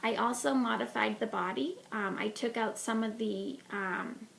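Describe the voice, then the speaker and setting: A woman's voice: on the high side, normal speed, vocal fry, a bit bright, a little hiss or hum. A woman hosting a knitting podcast, chatting casually about a project with lots of ums and restarts.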